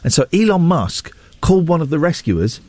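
Brief: man in his middle years, chatty host, animated, pitch swings a lot. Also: moderate pace, a little hiss or hum. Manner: animated storytelling, wry asides. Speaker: radio show host. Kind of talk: casual chat.

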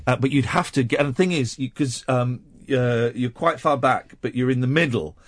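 A man's voice: medium pitch, moderate pace, no room sound, clean studio sound. A man hosting a radio show who tells a rambling, playful comic story and slips into funny voices. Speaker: radio host. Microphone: studio microphone.

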